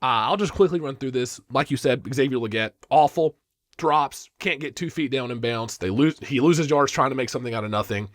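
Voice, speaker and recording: A man's voice: medium pitch, brisk, a bit bright, no echo, studio quality. A man co-hosting a casual sports podcast, giving confident takes. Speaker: podcast co-host.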